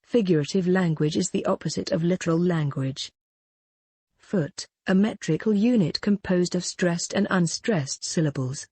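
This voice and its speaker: Husky-voiced literature teacher lecturing. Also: medium pitch, moderate pace, a little mellow, dry recording. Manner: reads definitions, then restates them in plain words. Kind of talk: recorded lecture reading and explaining definitions.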